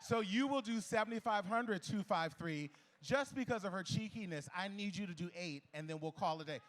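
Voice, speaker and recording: A high-pitched auctioneer works a charity gala in a ballroom, ribbing the bidders in good fun. He rattles off the bids in fast, repeating patter.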